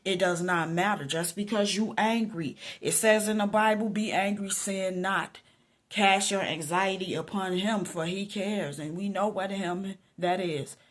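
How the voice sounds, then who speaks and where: Animated woman, telling her story. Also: mid-range voice, unhurried. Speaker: Christian vlogger sharing a testimony. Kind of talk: personal storytelling monologue.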